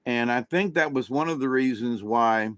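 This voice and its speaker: A man rambles through a casual monologue, often stopping to restart his sentences. His voice sits at a middle pitch, and the recording is dry and close. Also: normal speed, no room sound. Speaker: vlogger, self-described channeler.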